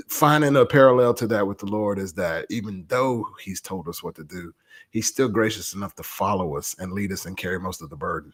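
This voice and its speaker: A father co-hosting a podcast, telling a lively story in casual chat and acting out the family dialogue. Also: deep voice, a little fast.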